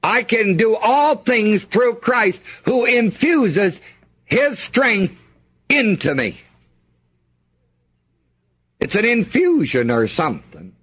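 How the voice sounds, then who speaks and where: A man's voice: high voice, sing-song, slow, long pauses, a bit bright, slightly rough. A man preaching a sermon, reading scripture aloud and asking the congregation to fill in the missing words.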